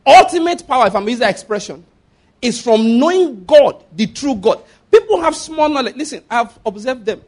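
A man's voice: extremely high pitch, lively intonation, moderate pace. A man preaching a sermon, emphatic, repeating phrases and checking that listeners follow.

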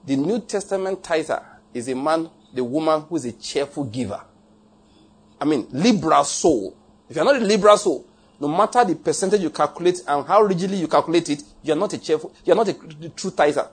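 A man's voice: fairly high pitch, animated, a little fast, breathy edge. A man preaching a sermon in a jokey, emphatic way, laughing at his own points and repeating lines for effect. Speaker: pastor.

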